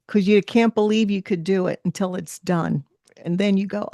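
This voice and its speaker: Gravelly, mellow-voiced woman podcast host. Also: mid-range voice, measured pace, dry recording, studio quality. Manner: warm, effusive and encouraging. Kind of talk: podcast interview.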